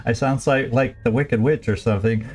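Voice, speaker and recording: A man streaming a strategy game, planning his moves aloud in a halting, casual way with frequent restarts. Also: mid-range voice, fairly even intonation, a little mellow. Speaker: gameplay streamer. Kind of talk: casual let's-play commentary.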